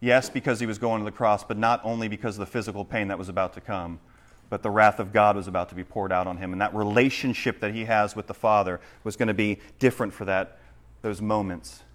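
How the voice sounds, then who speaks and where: A man preaching a sermon, swinging between loud, urgent questions and hushed explanation. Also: on the low side, fairly even intonation, quick pace. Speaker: pastor.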